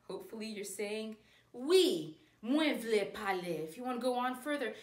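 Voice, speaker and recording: A woman's voice: on the high side, animated, normal speed. Patient woman teaching in an echoey room. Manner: patient, explains step by step with fillers. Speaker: language teacher. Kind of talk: language lesson.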